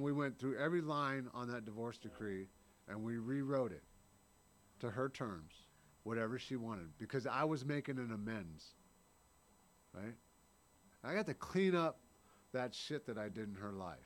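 Speaking at medium pitch, a thirtysomething man offers a frank, sincere account of his own recovery at a meeting. He frequently tacks "right?" onto his sentences and swears from time to time.

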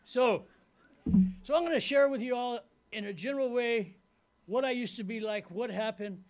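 A man's voice: very high-pitched, moderate pace. A middle-aged man speaking at a recovery meeting, talking in a rambling, casual way and often tagging on "man" and "you know what I mean.". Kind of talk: personal recovery talk to a meeting. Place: meeting room before a live audience.

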